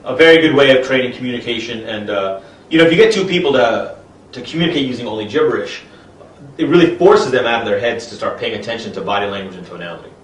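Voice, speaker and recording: Expressive man teaching improv, roomy. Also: mid-range voice, fast, recorded from a distance, slight background noise. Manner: animated, speaks in expressive gibberish while performing. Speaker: improv trainer. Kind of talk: explaining an improv exercise.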